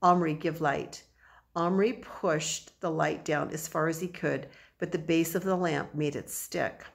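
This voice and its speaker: Woman narrating a children's book, lowish voice. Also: creaky. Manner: measured, expressive storytelling. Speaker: audiobook narrator.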